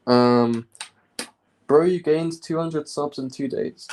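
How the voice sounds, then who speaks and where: A young man from the UK chatting casually on a study live stream, rambling with many pauses and fillers. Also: medium pitch, slight background noise. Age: young adult. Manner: relaxed, rambling, many ums.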